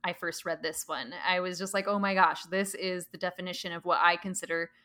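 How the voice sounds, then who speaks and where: A woman with a fairly low voice co-hosts a podcast, reading prepared notes at an even, measured pace. In conversation she stays thoughtful and unhurried. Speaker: podcast co-host. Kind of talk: reading prepared notes, then casual chat.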